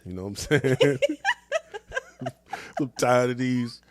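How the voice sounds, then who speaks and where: A man's voice: mid-range voice, slow pace, no echo. A middle-aged man hosting a casual chat show, talking loosely in slang and laughing often. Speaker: podcast host.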